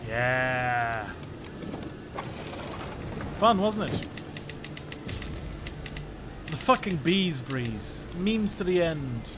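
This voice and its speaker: A man's voice: medium pitch, big pitch swings, very slow, pauses often, noisy background. A man streaming a strategy game, joking and chatting with his viewers in casual commentary.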